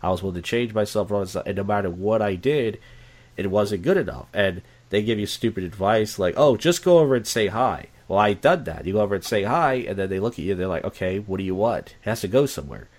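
A man's voice: lowish voice, quick pace, a little mellow. A man talking candidly in casual conversation, rambling and repeating himself, blunt and profane.

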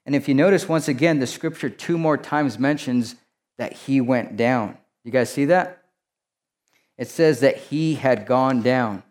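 Man preaching a conversational sermon. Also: mid-range voice. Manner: conversational preaching, rhetorical asides. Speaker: pastor.

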